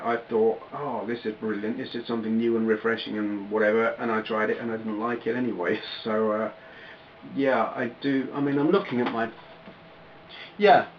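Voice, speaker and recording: A man talks casually straight to camera, wandering off on tangents and catching himself mid-sentence. His voice sits at an ordinary middle pitch. The recording is a little dull and lo-fi, with a faint hiss of noise underneath. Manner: rambling, self-interrupting, chatty with frequent fillers. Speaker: retro gaming YouTuber. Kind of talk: casual vlog chat. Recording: slightly dull lo-fi audio with faint background noise.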